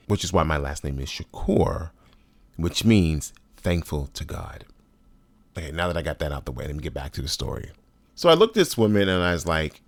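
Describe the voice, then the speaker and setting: Deep-voiced man in his sixties telling a story. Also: dry recording. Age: 60s. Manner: conversational, emphatic, wry and blunt. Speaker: storyteller host. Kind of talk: personal storytelling monologue.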